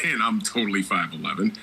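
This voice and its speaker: A man in his thirties hosting a casual podcast chat, playful and drawling, low on energy. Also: huge pitch swings, normal speed, creaky, a loud crowd, low-quality recording. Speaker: podcast host.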